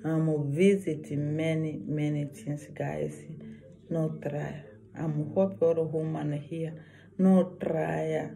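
Slow, earnest woman vlogger. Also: sits low, flat delivery, vocal fry, mellow, soft background music. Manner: earnest, repetitive, broken English. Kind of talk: personal warning vlog.

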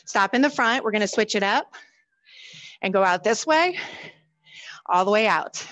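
A woman's voice: medium pitch, animated, normal speed, pauses often, a bit bright, rough recording. A woman, leading a seniors' exercise class over a video call, upbeat and counting reps aloud. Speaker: fitness instructor.

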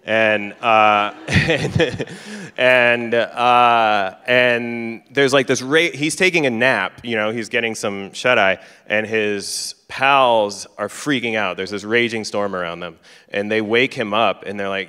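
Man, lowish bright voice, chatty stage storytelling, lots of fillers, echoing hall. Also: slow, smooth. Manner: chatty, heavy on fillers and restarts, laughs often. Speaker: guest author at a live event; teacher. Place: large hall with an audience. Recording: reverberant hall sound.

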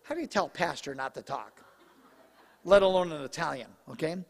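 A male pastor preaching a sermon in a conversational, animated way, his voice slightly hoarse. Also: a little high, fairly quick, long reverb tail. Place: church sanctuary.

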